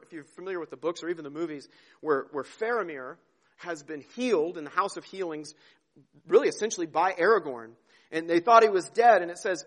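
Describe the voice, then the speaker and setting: An earnest male preacher with a fairly high voice. He swings between near-whispered tenderness and ringing emphasis, stumbling over and repeating words as the feeling carries him. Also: a bit bright. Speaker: pastor. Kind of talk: sermon.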